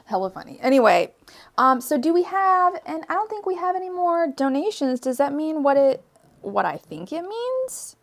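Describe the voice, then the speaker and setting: A woman's voice: sits high, big pitch swings, moderate pace. Chatty giggly woman tarot streamer. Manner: chatty, giggly, lots of fillers. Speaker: tarot reader livestream host. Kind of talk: casual livestream chat.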